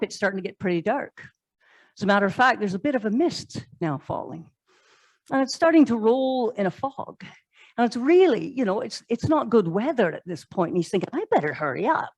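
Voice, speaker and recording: A woman's voice: on the high side, no room sound, low-quality recording. A woman pastor, preaching a sermon in a conversational way, telling stories and asking rhetorical questions. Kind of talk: sermon storytelling. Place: church.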